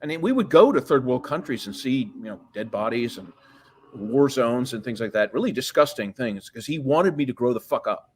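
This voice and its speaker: Older male guest, rambling anecdotes, swears a lot, mid-pitched. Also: expressive, normal speed, slightly rough. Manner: profane, rambling, restarts often. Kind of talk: storytelling interview.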